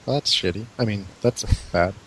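Dry, sardonic low-voiced male co-host. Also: moderate pace, fairly bright tone, a little hiss or hum, low-quality recording. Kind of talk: casual call-in chat.

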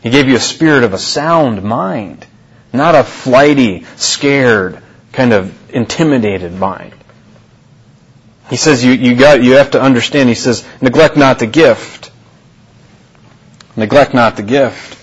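A man's voice: medium pitch, measured pace, pauses often, slightly rough, dull audio. A man preaching a sermon to his congregation, in an earnest manner, often repeating and restarting his phrases and asking questions. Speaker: pastor. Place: church.

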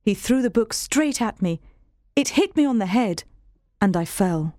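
A woman reading a storybook aloud in a steady, clear first-person voice. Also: mid-range voice, unhurried, dry recording, clean studio sound. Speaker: narrator. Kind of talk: scripted storybook narration.

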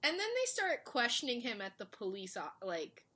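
A young woman recaps a story in lively casual chat, acting out each character as she goes. Her voice sits a little high, with a bright, forceful edge. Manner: animated, laughing, acts out characters in quick voices.

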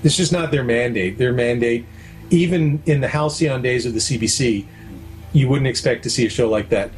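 A middle-aged man talks frankly about his work in an interview, with a mid-range voice. He explains things with homely comparisons and a storyteller's ease. Faint music plays softly underneath. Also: medium pitch, moderate pace. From Canada. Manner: candid, anecdotal, explains with analogies. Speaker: documentary producer and director. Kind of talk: casual interview talk.

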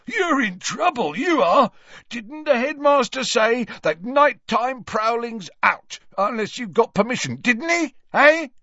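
A man voicing a gleeful, spiteful old male caretaker in a shrill, wheedling voice for an audiobook. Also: big pitch swings, unhurried, bright, forceful tone, dry recording, muffled recording, full character voice. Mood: gloating.

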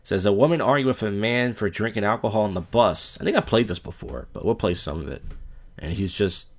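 A man with a fairly low voice hosts a reaction video in a loose, casual way. His commentary is blunt and crude, and he talks straight over the clips. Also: fairly quick. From Philadelphia.

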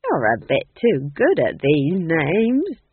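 A sly, blunt old witch woman, put on by a male narrator, stretching her words slowly and lifting her voice high. She sounds husky and thin, as if heard down a phone line. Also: huge pitch swings, dry recording, exaggerated voice. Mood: teasing. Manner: slow, drawn-out, teasing delivery.

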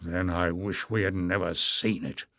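A man reading aloud, voicing a stern grown warrior who scolds his young friend slowly and bluntly. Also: medium pitch, creaky, slightly rough, dry recording, studio quality. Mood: angry.

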